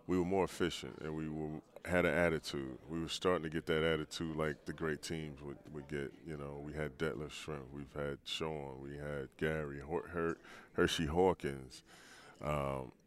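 A deep, low-pitched older man telling long stories as an interview guest. He talks in a relaxed, rambling way, restarting phrases often. He is a former pro athlete in his sixties. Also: moderate pace. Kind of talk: storytelling in a podcast interview.

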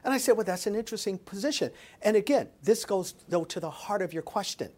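A woman's voice: mid-range voice, darkish tone, slightly rough. A woman speaking as an interview guest, with an emphatic, preacher-like delivery. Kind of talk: animated interview talk.

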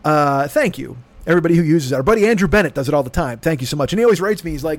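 Hoarse man in his fifties, solo podcast host, profane self-deprecating comic rambler. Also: on the high side, expressive, very fast, few pauses. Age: 50s. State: hoarse from yelling. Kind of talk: casual solo podcast monologue. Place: home room with air conditioner.

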